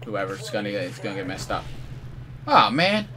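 A man giving live commentary over his own online shooter match, excitable and mock-outraged, trash-talking opponents. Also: on the low side, moderate pace, slight background noise. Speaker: gameplay commentator.

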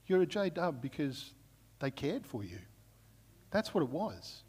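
A man's voice: a little high, big pitch swings, unhurried, long pauses, a little mellow, slightly rough. A man preaching a sermon as pastor, in a conversational storytelling way with frequent "right?" check-ins. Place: church. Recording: long reverb of a church hall.

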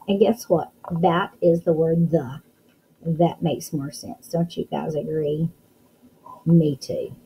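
A woman's voice: on the low side, mellow, a little hiss or hum, low-quality recording. A woman teaching a phonics lesson to young children, encouraging them and sounding out letters one at a time.

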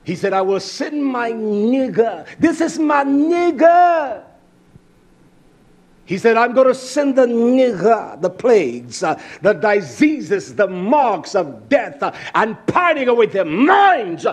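A man preaching a fiery sermon, fervent and emphatic, drawing out words and breaking into shouts. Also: very high voice, very animated, slow pace.

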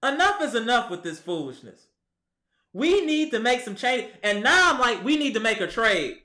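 A man's voice: very high voice, sing-song, moderate pace, pushed and bright, echoey room. A man, giving a heated, exasperated fan rant about his team's loss, talking straight to the players. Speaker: sports vlogger. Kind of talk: ranting fan commentary. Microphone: camera mic.

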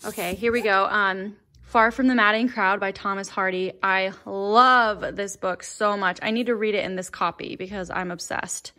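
A woman's voice: medium pitch, fairly even intonation, moderate pace, few pauses, sharp tone. A young woman chatting casually in a home vlog, giggly and full of fillers. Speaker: book vlogger. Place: home library room.

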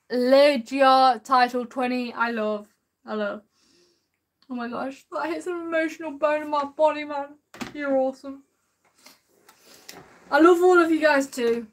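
Excitable lady streamer, high voice, hyped, talks to chat a lot, drags out her catchphrase. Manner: excitable, chats warmly with viewers; drawls a repeated sing-song catchphrase. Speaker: live streamer. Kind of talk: live gameplay commentary.

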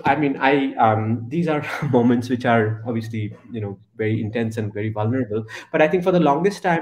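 Mellow-voiced man reading fiction. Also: mid-range voice, rough recording. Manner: measured, reflective, with fillers when speaking freely. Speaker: author reading and discussing his novel. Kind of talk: literary reading, then conversation.

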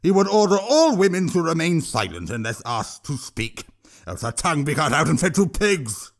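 A man's voice: a little high, sing-song, normal speed, pitched above the performer's own voice. A man reading an audiobook, voicing an arrogant, insulting male troll with a wet, slurping delivery. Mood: smug, scornful.

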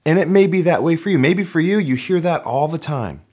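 A male pastor preaching a sermon in a lively, conversational way, his voice climbing on the points he stresses. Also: a little fast, breathy edge. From North America. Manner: animated preaching, pitch rising on emphasis.

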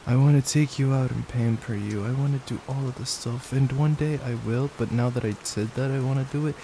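A young man in a whispered role-play as a boyfriend, gentle, affectionate and reassuring, speaking into a desk microphone at home. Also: mid-range voice, steady tone, a little fast, gravelly, a little hiss or hum, low-quality recording. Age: young adult. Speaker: ASMR creator. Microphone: desk microphone at a gaming setup.

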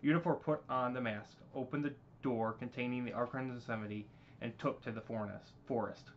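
A man's voice: medium pitch, steady tone, normal speed, slight background noise. A man narrating a homemade story, reading with stumbles and restarts on a dull lo-fi recording.

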